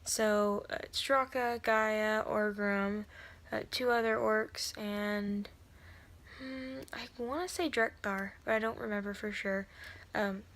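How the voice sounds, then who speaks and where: A woman's voice: medium pitch, steady tone, slow pace, a bit bright. Chatty woman rambling through a recap. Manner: rambling, full of fillers and self-corrections; drops to a whisper for asides. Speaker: video creator summarizing a novel. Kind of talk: casual spoken book recap.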